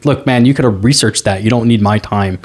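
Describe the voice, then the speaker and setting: A man's voice: on the low side, brisk. Chatty man telling stories. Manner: animated storyteller, repeats "right?". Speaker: commercial real estate agent, guest. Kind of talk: casual interview talk.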